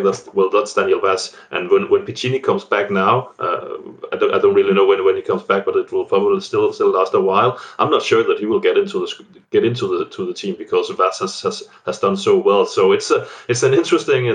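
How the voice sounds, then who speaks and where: A man with a slightly low voice talks football as a guest pundit. He halts often, repeating words before pushing on. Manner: hesitant, many restarts and repeated words. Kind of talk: casual football discussion.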